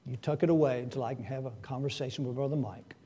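A man preaching a sermon to his congregation, asking rhetorical questions and swinging between hushed and loud delivery. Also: mid-range voice, steady tone, quick pace, husky.

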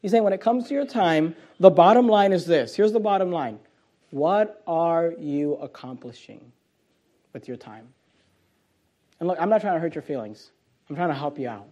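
A pastor preaching a fiery sermon, who swings from loud, drawn-out emphasis to quiet asides and repeats his key lines. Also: sits high, muffled recording.

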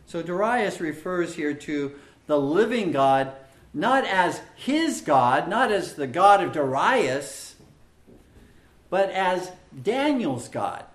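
Slow, echoey male preacher. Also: on the high side, very animated. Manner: measured, emphatic preaching with frequent fillers and repetitions. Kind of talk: expository sermon. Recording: echoey room.

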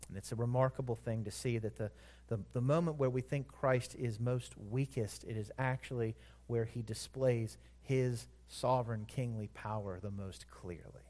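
A man preaching a sermon in a church, earnest, swelling louder on scripture and dropping soft at the ends of phrases. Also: mid-range voice, normal speed. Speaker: pastor.

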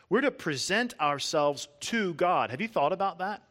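A man preaching a sermon in a slightly high voice. He builds emphatic lists with slowed, stressed words, then drops to a soft low tone at key points. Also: animated.

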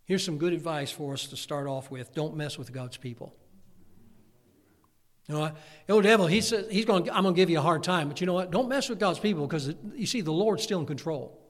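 Middle-aged pastor, man, folksy sermon delivery, fairly high voice, long church reverb. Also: fairly quick. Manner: folksy, swings from quiet to shouting. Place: church hall.

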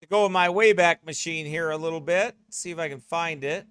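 A man who is a pastor delivering a brash, mocking, rapid-fire rant to an online audience. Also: a little high, fairly bright tone, smooth, dry recording, studio quality. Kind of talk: online ranting sermon.

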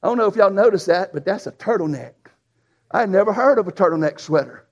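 A preacher who tells a folksy, animated story in a sermon. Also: male voice, high-pitched, fast. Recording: dull lo-fi sound.

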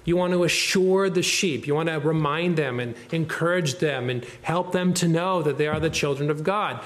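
A man delivers a sermon from the pulpit, his voice sitting a little higher than most men's. He speaks earnestly and presses his listeners, often ending a point with a rhetorical question. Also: normal speed, few pauses, a bit bright. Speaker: preacher. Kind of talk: expository sermon.

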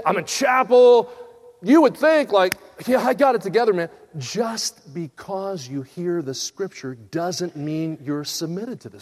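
Preaching man in a long-echo hall. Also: fairly high pitch. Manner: swings from loud emphatic bursts to hushed earnest asides. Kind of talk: sermon with storytelling.

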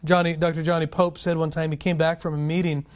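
A man pastor giving an earnest, animated sermon, often restarting phrases and putting questions to the congregation. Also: on the high side, fast.

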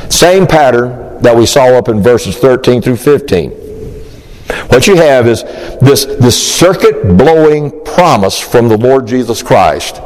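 A man preaching an expository sermon, emphatic and animated, acting out the disciples' questions. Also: mid-range voice, unhurried, long reverb tail, low-quality recording.

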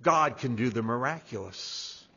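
Guy preaching a sermon, slow and deliberate, repeats his points, dull lo-fi sound. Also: mid-range voice, expressive, gravelly, long reverb tail. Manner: builds from quiet reflection to emphatic preaching; repeats key phrases for emphasis. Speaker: pastor.

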